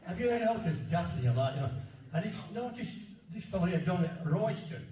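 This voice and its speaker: Faint music plays behind this older Barnsley man as he speaks on dialect to an audience in a chatty, story-filled way, often going over the same points again. His voice is high-pitched, lively in intonation, fairly quick and a little mellow, recorded at a distance in a large, echoey hall.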